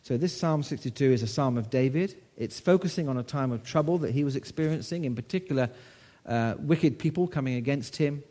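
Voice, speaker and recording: Older uk guy preaching, chatty storytelling, asks the room questions, mid pitch. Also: a little fast, hardly any pauses, mellow. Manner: storytelling, conversational, asks the congregation rhetorical questions. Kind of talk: sermon.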